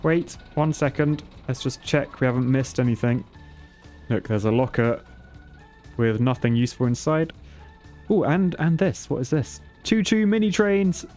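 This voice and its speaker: A man commentating his own gameplay, excitable, swearing and laughing as he goes. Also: medium pitch, moderate pace, faint music behind. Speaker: gaming channel host.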